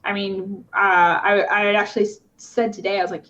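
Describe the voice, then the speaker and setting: Woman guest, mid-pitched, rambling conversational delivery, lo-fi podcast sound. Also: little pitch movement, brisk, fairly bright tone, slight background noise. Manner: chatty, many fillers and restarts. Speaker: podcast guest, competitive shooter. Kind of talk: casual conversational interview. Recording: slightly dull lo-fi podcast audio.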